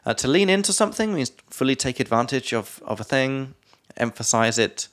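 A young man with an English accent talks loosely and playfully as he runs through vocabulary on a casual podcast. His voice sits at an ordinary middle pitch, and he sounds relaxed, often laughing or lapsing into silly voices. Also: a little fast. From England. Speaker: podcast co-host, English teacher. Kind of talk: casual chat, explaining vocabulary.

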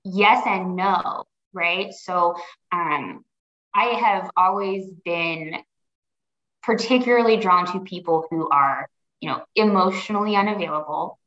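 A woman telling her personal story as a podcast guest, earnest and reflective, often pausing to rephrase. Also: lowish voice, fairly bright tone. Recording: roomy, dull lo-fi audio.

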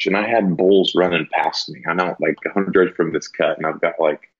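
A man with a very deep, husky voice tells a story in a loose, rambling way. He fills his talk with "you know" and "like" as he goes. The recording sounds dull and lo-fi. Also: steady tone, normal speed. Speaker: podcast guest, elk hunter. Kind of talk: casual storytelling.

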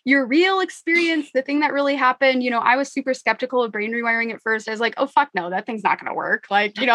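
A woman coach hosting a chat, warm and effusive, swearing casually. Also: high-pitched, dry recording. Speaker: coach and host.

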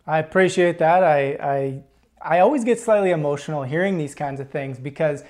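A man hosting a podcast, talking in a halting, emotional way with many restarts. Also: fairly high pitch, a little mellow. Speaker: podcast host. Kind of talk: conversational interview.

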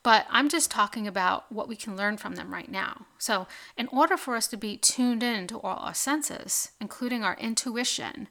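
A woman's voice: on the high side, normal speed, hardly any pauses, sharp tone. A woman hosting her own podcast in a casual monologue, chatty and full of "like" and tag questions such as "right?" and "okay?". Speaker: podcast host.

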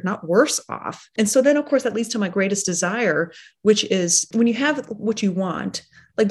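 A woman's voice: mid-range voice, a little mellow, breathy edge. A woman surgeon and coach presenting a webinar, talking through slides in a reflective, conversational way with many fillers.

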